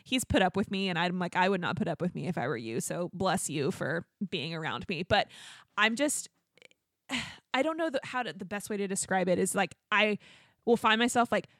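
A woman's voice: medium pitch, lively intonation, moderate pace, a bit bright, dry recording, studio quality. Chatty pregnant woman podcaster. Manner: chatty storytelling, many "like"s, laughs often. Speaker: podcast co-host. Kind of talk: casual chat.

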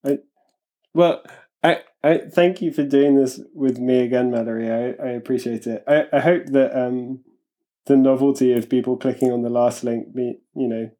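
A man's voice: medium pitch, steady tone, moderate pace, mellow. A man, a poet, chatting as a podcast guest, self-deprecating and often restarting his sentences. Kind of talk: casual podcast chat.

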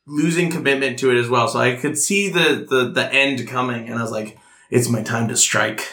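A man's voice: mid-range voice, sharp tone. A young man chatting casually, rambling and self-mocking with lots of fillers as he tells a story. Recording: roomy echoey room.

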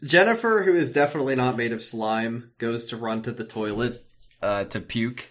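Brief: male co-host, bright forward tone, loose jokey recap chatter. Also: medium pitch, moderate pace. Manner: jokey, rambling, with frequent fillers. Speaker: podcast co-host. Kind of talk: casual chat recapping a TV episode.

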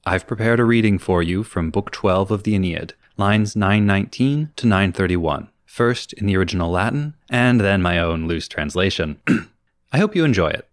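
A man's voice: sits low, animated, normal speed, soft background music. A man co-hosting a podcast, presenting a prepared segment with wry, self-deprecating asides. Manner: wry, self-deprecating, scripted-sounding delivery. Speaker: podcast co-host. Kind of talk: casual chat and prepared segment.

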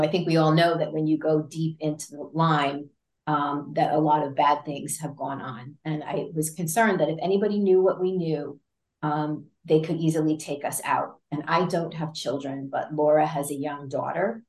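A patient advocate being interviewed tells her story conversationally in a low voice at a moderate pace. She's animated and laughs often, using many fillers and restarting her sentences. The room has a noticeable echo.

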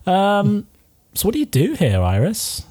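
A man's voice: sits high, wildly swooping pitch, unhurried, warm tone, pitched above the performer's own voice, exaggerated voice. Man playing a flustered shrunken surgeon. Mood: chatty. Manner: flustered, rambling, apologetic. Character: flustered, chatty male surgeon shrunk inside a body.

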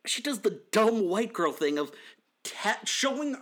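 A young man ranting casually to camera about a movie, animated and exasperated, rambling from one point to the next. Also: sits high, unhurried. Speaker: vlogger. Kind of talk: casual movie-reaction rant.

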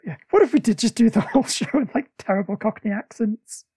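A man's voice: sits high, darkish tone, husky, no room sound. A man hosting a comic-book podcast, chatting casually with a playful, jokey manner. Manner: playful, jokey, quick asides. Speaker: podcast host.

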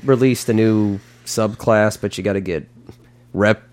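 A man's voice: lowish voice, measured pace. A man co-hosting a podcast, telling stories in casual chat with frequent laughs and swearing. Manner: animated, swearing storyteller who laughs often. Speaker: podcast co-host.

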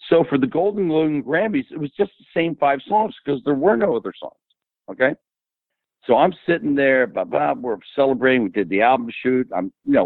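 A man in his seventies, an interview guest, telling animated anecdotes and acting out the dialogue. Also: medium pitch, no room sound. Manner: animated anecdote teller who acts out quoted dialogue. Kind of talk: casual storytelling interview. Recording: tinny phone-like dry audio.

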